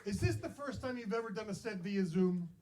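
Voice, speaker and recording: A man's voice: high-pitched, lively intonation, fairly quick, background noise. A male emcee at a live comedy show, upbeat and teasing as he talks to a comedian on a video call.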